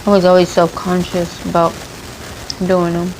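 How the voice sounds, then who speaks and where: A woman's voice: fairly low pitch, monotone, normal speed, a little mellow, slight background noise, rough recording. A woman hosting a mukbang eating show, chatting and rambling casually between bites, with a runny nose. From United States. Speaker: mukbang vlogger.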